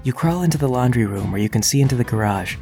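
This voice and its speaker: A man runs a tabletop game as narrator, his voice mid-pitched and even. He tells the scene calmly, and soft music plays faintly behind him. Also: fast talker. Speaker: game master.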